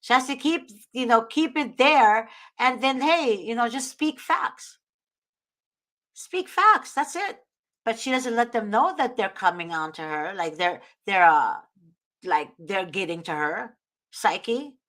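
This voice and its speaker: A woman's voice: fairly high pitch, lively intonation, unhurried. A woman hosting a talk show, giving earnest, preachy advice and repeating her points. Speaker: host.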